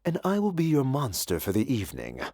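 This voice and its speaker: Woman putting on a low, breathy storybook monster. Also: wildly swooping pitch, fairly quick, mellow, no room sound, studio quality, full character voice. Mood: mild, polite. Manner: mild, formal. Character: polite bookish male monster, not scary. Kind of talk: children's storybook read-aloud.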